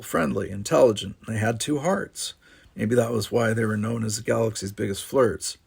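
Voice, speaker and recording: A man's voice: on the low side, gravelly, breathy edge. A man reading a novel aloud, with wry casual asides. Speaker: audiobook narrator.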